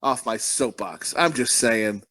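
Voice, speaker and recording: Guy on a podcast going off, swearing every other word, medium pitch voice. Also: measured pace, bright, forceful tone. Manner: profane, blunt, ranting. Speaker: podcast co-host. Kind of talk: casual ranting chat.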